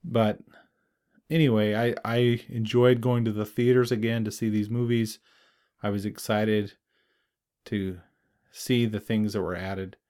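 A male podcast host wrapping up an episode in an easygoing, relaxed way. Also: on the low side, unhurried, pauses often, clean tone. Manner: relaxed, easygoing with small laughs. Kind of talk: casual podcast outro. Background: soft guitar theme music.

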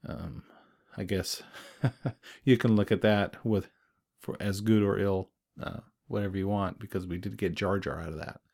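A male podcast host wrapping up an episode in an easygoing, relaxed way. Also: low voice, normal speed, vocal fry. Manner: relaxed, easygoing with small laughs. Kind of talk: casual podcast outro. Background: soft guitar theme music.

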